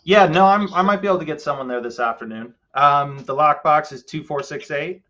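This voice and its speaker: A man hosting a live real estate show, talking a seller through a deal and then coaching viewers in an energetic, explanatory way. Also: on the high side, fairly quick, highs cut off. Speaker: real estate investor host. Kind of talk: live stream phone call and coaching.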